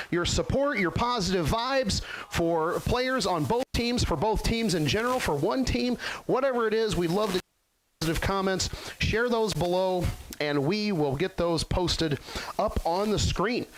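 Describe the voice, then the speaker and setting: Excitable high-voiced man calling football. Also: a little hiss or hum, rough recording. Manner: folksy, excitable hype. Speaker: play-by-play announcer. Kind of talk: local sports webcast commentary.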